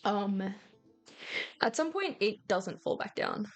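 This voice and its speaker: A woman's voice: mid-range voice, lively intonation, slow pace, faint music behind. A woman narrating as game master, casual and laughing, often searching for words.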